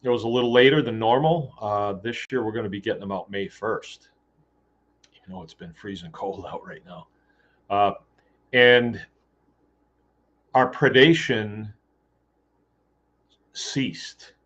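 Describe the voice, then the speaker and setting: Fairly low and bright in tone, this man hosts a podcast at an unhurried pace with long pauses. His casual story meanders, full of fillers and restarts, and he performs the quoted dialogue; the recording has a dull lo-fi quality.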